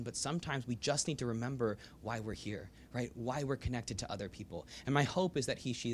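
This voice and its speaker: Give me a young man telling a personal story to an audience, lively and animated, with a mid-pitched voice. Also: slight background noise. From United States. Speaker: author giving a book talk. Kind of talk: storytelling talk to a live audience. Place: bookstore event room.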